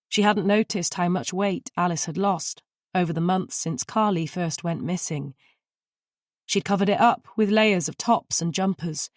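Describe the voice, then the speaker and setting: A female audiobook narrator reads a scripted crime novel in a measured, even storytelling style. Her voice is on the low side, and the recording is dry and studio-clean.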